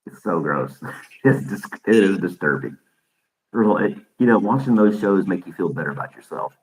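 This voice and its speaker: A man's voice: sits low, lively intonation, moderate pace, a little mellow, poor audio. A man hosting his podcast in casual live-stream chat, rambling and chuckling often into a desk microphone. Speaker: podcast host.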